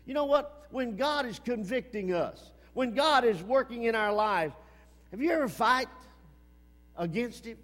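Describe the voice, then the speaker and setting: Emphatic preacher man, lively high voice. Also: measured pace, long reverb tail. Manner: emphatic, repeats phrases, swings between loud and hushed. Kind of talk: sermon.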